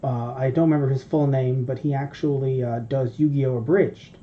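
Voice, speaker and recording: A man's voice: medium pitch, steady tone, normal speed, slight background noise. A man co-hosting a podcast, telling a long, rambling, profane story in casual chat. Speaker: podcast co-host. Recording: dull lo-fi podcast audio.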